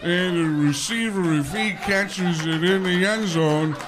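A man imitating a rambling football commentator. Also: high-pitched. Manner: halting, repetitive, stuck on words. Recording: noisy live show recording.

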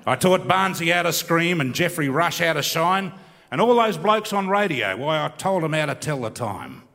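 A man's voice: a little high, expressive, moderate pace, creaky, sharp tone. A middle-aged man with an Australian accent, rambling through a stand-up story and reciting a comic bush poem in a laconic way. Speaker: comedian and bush poet. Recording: long hall reverb.

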